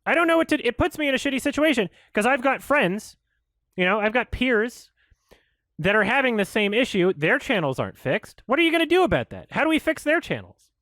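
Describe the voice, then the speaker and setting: A man's voice: very high voice, big pitch swings, fairly quick, a bit bright, no room sound, studio quality. A man who hosts an online commentary show, ranting in frustration, swearing and talking in bursts. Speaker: YouTube commentator.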